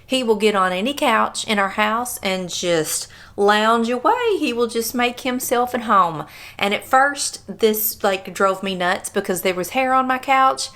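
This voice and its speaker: A woman's voice: on the high side, expressive, measured pace, fairly bright tone. Woman, casual vlog, affectionate, chatty, addresses her dog. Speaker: vlogger.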